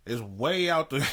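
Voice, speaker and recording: Animated young man telling a story. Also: medium pitch. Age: young adult. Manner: animated, slangy, laughs while telling a story. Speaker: podcast co-host. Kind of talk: casual storytelling chat. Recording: poor audio.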